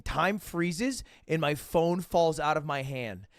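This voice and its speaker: A young man telling a story in a casual monologue, profane and animated, acting out both sides of the phone calls he recounts. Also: on the high side, unhurried, hardly any pauses, no room sound, studio quality.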